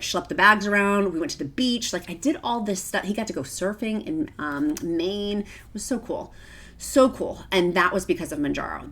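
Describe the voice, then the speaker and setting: A woman's voice: fairly low pitch, fairly bright tone. Emotional, gushing woman vlogger. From Virginia, United States. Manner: emotional and gushing, often near tears. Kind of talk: casual talk to camera.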